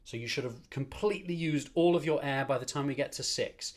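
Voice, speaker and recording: A man's voice: medium pitch, fairly quick, few pauses, very noisy. Male choir conductor, streamed rehearsal; encouraging, upbeat coaching with counted breathing. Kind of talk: online choir rehearsal and warm-up. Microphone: streamed to a screen.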